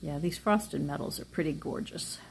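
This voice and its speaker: A woman with a low voice talks through nail polish swatches in a loose, rambling way, full of ums and restarts. A faint hiss sits under the recording. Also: moderate pace, creaky. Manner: chatty, rambling, frequent ums. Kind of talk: casual product review.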